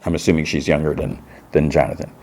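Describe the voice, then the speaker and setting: A man with a low, dark voice recaps a show in a relaxed, rambling way. He leans on fillers and restarts as he retells the plot. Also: fast talker. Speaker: podcast host. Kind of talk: casual episode recap.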